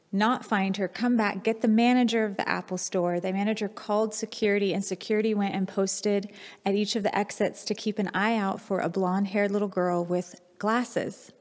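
A woman pastor in her thirties delivers a sermon at an ordinary middle pitch. She tells stories in a candid, reflective way. Her voice rings out with a long hall reverb around it. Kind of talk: sermon with personal storytelling.

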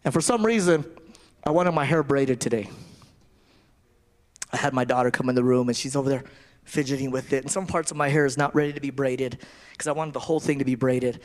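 A man's voice: medium pitch, brisk, long pauses. A man giving a conversational sermon, often repeating and restarting his phrases. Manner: conversational preaching with repetitions and restarts. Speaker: preacher.

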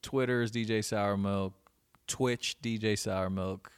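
A man's voice: fairly low pitch, fairly even intonation, measured pace, smooth. A man in his thirties, a guest DJ in casual chat, talking loosely with lots of swearing and restarts. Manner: loose and profane, many restarts.

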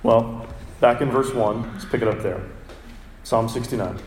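A man preaching a sermon as pastor, earnest, reading scripture aloud with measured pauses. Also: medium pitch, reverberant, a little hiss or hum, low-quality recording.

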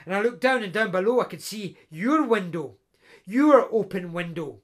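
A man's voice: high-pitched, expressive, normal speed. A man playing a teasing best pal. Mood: sly teasing. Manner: jovial, nudging, chatty. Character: boisterous young male best friend, teasing.

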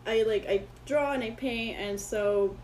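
A fairly high-voiced woman, a native Spanish speaker, chats as an interview guest. She rambles through her stories and slips into voices for the people she quotes. A faint hiss sits under the recording. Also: measured pace, a little mellow, rough recording. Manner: rambling storyteller who acts out quoted people. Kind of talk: casual interview chat.

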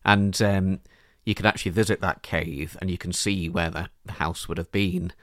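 A man with a fairly low voice, musing over a book in an easy conversation. He speaks in measured, reflective phrases. The recording is dry and close. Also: steady tone, no room sound. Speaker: podcast co-host. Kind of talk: casual book discussion.

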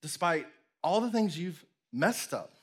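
Guy preaching, animated storytelling, does little voices, goes real quiet then loud, kinda high voice. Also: unhurried, breathy edge. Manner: animated storytelling, acts out voices, drops to near whisper. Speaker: pastor. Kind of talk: sermon.

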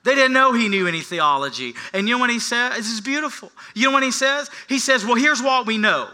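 A man preaching a sermon, moving between quiet, hushed passages and loud, emphatic ones, and acting out the lines of the man he tells about. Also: very high voice, animated, a little fast. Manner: acts out the beggar's lines with a raised voice. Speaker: pastor.

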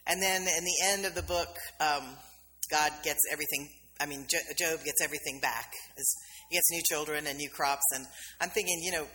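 A woman minister delivers a sermon in a bright, clear voice. She tells the story conversationally and gives each quoted figure its own voice. The sound carries a long hall reverb with faint noise underneath. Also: low voice, moderate pace.

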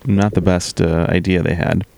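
A man's voice: deep voice, little pitch movement, normal speed, gravelly, a little mellow. A man co-hosting a casual chat show, laughing often as he talks. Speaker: podcast co-host.

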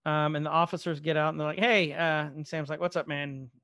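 A podcast co-host with a higher-side, fairly bright and smooth voice talks fast in a level tone, recorded dry at studio quality. In casual chat, he walks through a show episode's scenes, quoting lines and swearing now and then.

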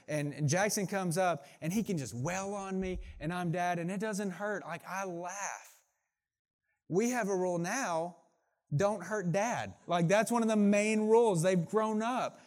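Man preaching a chatty sermon. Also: on the high side. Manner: conversational, frequent "like" and restarts. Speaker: pastor.

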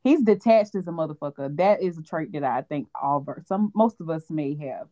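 A woman's voice: sits low, expressive, moderate pace, warm tone. A young adult woman co-hosting a casual chat, often hedging and correcting herself as she talks, with frequent laughs. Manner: hesitant, self-correcting, laughs a lot. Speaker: podcast co-host.

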